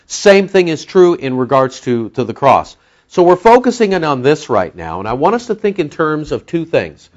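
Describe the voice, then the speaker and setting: A man preaching an expository sermon, talking conversationally with many fillers and slowing down to stress key words. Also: on the high side, sing-song, muffled recording. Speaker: pastor teaching a Bible study.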